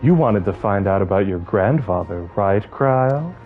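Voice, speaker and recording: A man's voice: lowish voice, lively intonation, moderate pace, pitched below the performer's own voice. A man voicing a big, muscular cat woman, bold and earnest, as he voices game cutscenes on a stream. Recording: slightly muffled with game music.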